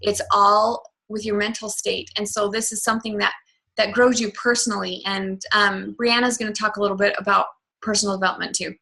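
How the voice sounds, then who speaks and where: Woman host, upbeat motivational chat, crisp bright tone. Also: medium pitch, a little fast, low-quality recording. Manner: upbeat, animated. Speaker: fitness coach and webinar host. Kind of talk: casual motivational talk.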